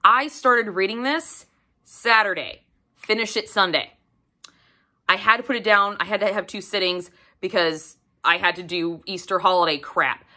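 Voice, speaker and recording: A woman casually reviewing a book on camera, swearing freely and talking in an animated, emphatic way. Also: medium pitch, normal speed.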